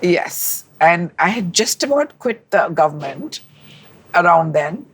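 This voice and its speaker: Brief: woman food critic as guest, husky voice, lively and emphatic chat. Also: slow pace. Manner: animated and emphatic, pitch leaps up when excited. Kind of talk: conversational interview.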